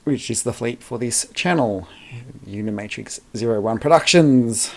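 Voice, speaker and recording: A man's voice: mid-range voice, animated, normal speed, a little mellow. A man hosting a casual let's play, narrating his gameplay in a rambling way with plenty of fillers. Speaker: game channel host.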